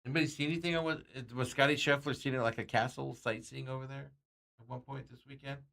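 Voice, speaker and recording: A man's voice: mid-range voice, steady tone, fast talker, vocal fry, bright, forceful tone. A man hosting a sports radio show, chatting casually and rambling with frequent chuckles and self-corrections.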